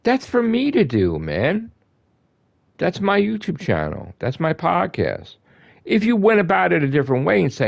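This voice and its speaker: A man on a gaming live stream, ranting in a heated, profane way, repeating himself and swinging from loud outbursts to low grumbles. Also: wildly swooping pitch, moderate pace, vocal fry. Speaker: gaming livestreamer.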